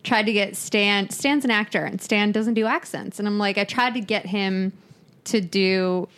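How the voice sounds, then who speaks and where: A woman's voice: mid-range voice, normal speed, a bit bright, smooth. Dry, teasing podcast co-host woman. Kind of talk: casual chat. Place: home.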